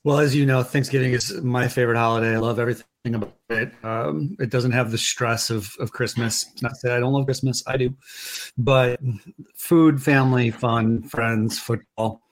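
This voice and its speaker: A man's voice: medium pitch, steady tone, normal speed. A middle-aged man co-hosting a sports podcast, earnest and enthusiastic as he talks. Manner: earnest, warm-hearted, enthusiastic. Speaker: podcast co-host. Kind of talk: casual sports podcast chat.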